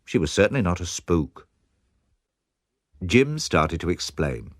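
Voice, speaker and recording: A man narrating a children's storybook in an expressive, measured way. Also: low-pitched, no echo, studio quality. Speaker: audiobook narrator.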